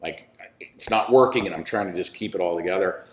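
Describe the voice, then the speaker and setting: This interview guest, a filmmaker and musician, speaks in a low voice at a brisk pace. His casual talk rambles with many restarts and laughs, and the room gives the audio an echo.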